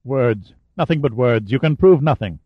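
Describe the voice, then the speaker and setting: A man voicing a gaunt giant villain who speaks in a cold, calm, clipped way, on a dry, slightly dull recording. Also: medium pitch, moderate pace, no room sound, close to an everyday voice.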